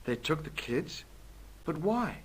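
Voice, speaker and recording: A curious young adventurer with a relaxed, questioning way of talking. His voice moves around a lot in pitch. Faint noise runs behind him in the game audio. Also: slow, low-quality recording. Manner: casual, inquisitive. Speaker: game protagonist.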